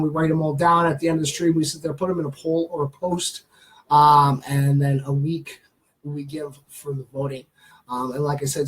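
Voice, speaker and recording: A man with a slightly high voice chats casually on a livestream, leaning on fillers and restarts. He keeps breaking off to coo softly at a baby lizard on his hand. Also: slight background noise, low-quality recording. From Canada. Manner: chatty, many fillers, coos softly at the animal. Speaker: streamer showing a pet lizard.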